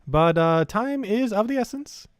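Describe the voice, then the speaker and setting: A man doing a high, earnest fantasy ally. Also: animated, unhurried, dry recording, studio quality. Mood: urgent.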